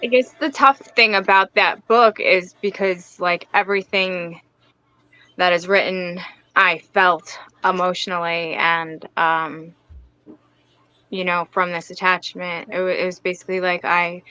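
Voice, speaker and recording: Woman on a video call, bright voice, kinda low, dry sound, hesitant and trailing off. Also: steady tone, unhurried, smooth, dry recording, dull audio. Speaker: guest author. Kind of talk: casual livestream interview.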